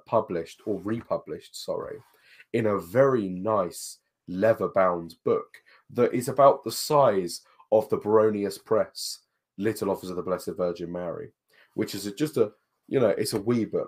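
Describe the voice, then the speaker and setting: A man's voice: lowish voice, normal speed, a little mellow, breathy edge. A man in casual conversation, reading passages aloud from books and giving emphatic advice. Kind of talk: casual chat.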